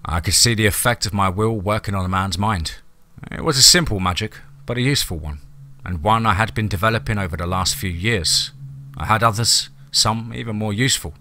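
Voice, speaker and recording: A man reading a horror story aloud as a first-person narrator, in a measured, formal and grave manner. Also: fairly low pitch, sharp tone, slight background noise.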